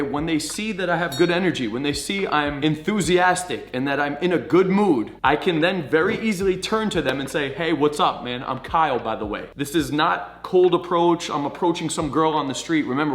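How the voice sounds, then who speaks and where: A man coaching viewers on social confidence, in a blunt, profane, pep-talk manner. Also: a little high. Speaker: dating coach. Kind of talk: direct-to-camera coaching monologue. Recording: echoey room.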